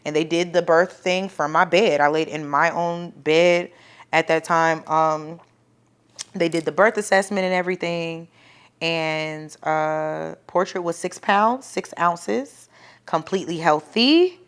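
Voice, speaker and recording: A young woman telling the story of her home birth to the camera, casual and profane, acting out what people said loudly and growing soft and quiet when emotional. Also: fairly low pitch, unhurried, clean tone. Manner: animated, profane, acts out quoted voices loudly.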